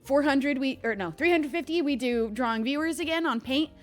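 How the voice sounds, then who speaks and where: A woman's voice: high voice, fairly quick, faint music behind. A young woman chatting casually on a livestream, bubbly and thanking viewers by name. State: hiccuping. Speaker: streamer.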